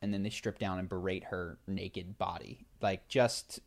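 A man telling a long story in a casual chat, animated, with many fillers and restarts. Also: low-pitched, measured pace.

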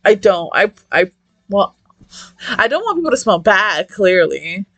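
A young woman reviewing a manga in casual chat, excitable, swearing a lot and rambling off-topic. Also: mid-range voice, unhurried, dry recording, highs cut off.

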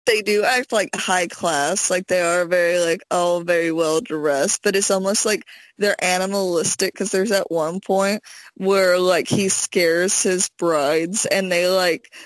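A woman's voice: mid-range voice, no echo, rough recording. A young woman co-hosting a casual podcast chat, rambling with many fillers and restarts. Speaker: podcast co-host.

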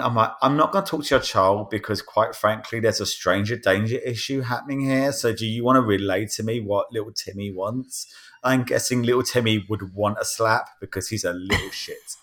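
A man's voice: fairly low pitch, normal speed, a bit bright. A British man hosting a podcast, chatting casually and telling rambling stories with little put-on voices and many restarts. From England. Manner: chatty storyteller, slips into impressions, rambling restarts. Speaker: podcast host. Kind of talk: casual chat.

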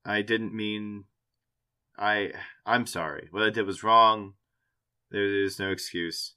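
A man doing a halting, remorseful husband. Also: lowish voice, steady tone, bright, forceful tone, clear, resonant tone, heavily acted. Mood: contrite. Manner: halting, earnest, stumbling over words. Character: remorseful man apologizing to the sea spirit.

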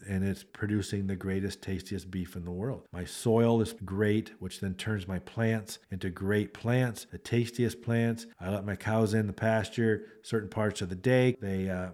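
A man's voice: lowish voice, steady tone, unhurried, hardly any pauses, a little mellow. A man, a beef rancher hosting a podcast, talking in a casual monologue with an earnest, repetitive, salesman-like manner.

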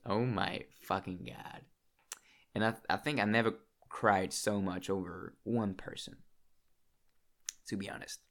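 A man's voice: on the low side, vocal fry. A young man vlogging in a casual, emotional monologue, swearing often and restarting his sentences as he talks about his feelings.

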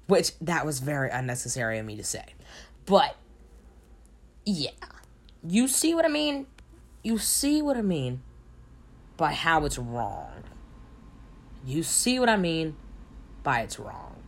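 A man's voice: on the high side, very animated, slow, pauses often. A young man hosting a casual solo advice podcast late at night, sleepy, emphatic and repeating words for stress. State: sleepy, recording at 3 a.m. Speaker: podcast host. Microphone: home podcast mic.

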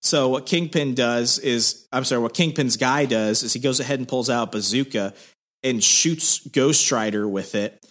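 A man hosting a podcast, retelling a plot in a casual, rambling way. He fills his sentences with "like" and "um" and keeps restarting them. His voice sits at an ordinary, mid-range pitch for a man. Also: moderate pace, fairly bright tone. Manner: rambling, loose storytelling with many fillers. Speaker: podcast host. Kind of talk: casual comic recap.

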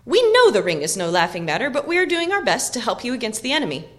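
A woman's voice: fairly high pitch, big pitch swings, voice pushed up. Woman reading as a self-assured young hobbit. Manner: brisk, confiding storytelling tone. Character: clever, loyal young male hobbit, self-assured and talkative. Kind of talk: audiobook reading aloud.

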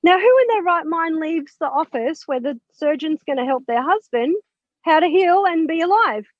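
A woman's voice: very high-pitched, moderate pace, no room sound. A woman being interviewed as an author and mentor, telling her story casually and acting out the lines of the people in it, with some blunt swearing. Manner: animated, acts out quoted dialogue, blunt with mild swearing. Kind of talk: conversational storytelling. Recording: dull, dry lo-fi audio.

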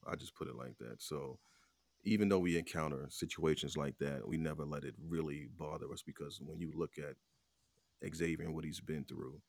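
A husband talking about his family in a soft-spoken, hesitant way with many fillers. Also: a bass voice, normal speed, no room sound. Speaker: husband sharing the family's story. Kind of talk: casual conversation.

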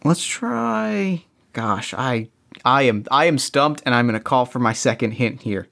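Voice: medium pitch, animated, a little slow, vocal fry, a bit bright. A player in an escape-room game who thinks aloud, restarts sentences and jokes at their own expense. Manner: restless restarts, self-mocking.

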